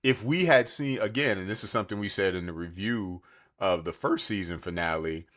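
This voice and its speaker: A low-pitched man, talking a little fast, co-hosts a podcast where he casually reviews a TV series. He's animated and jumps into character voices to act out quotes.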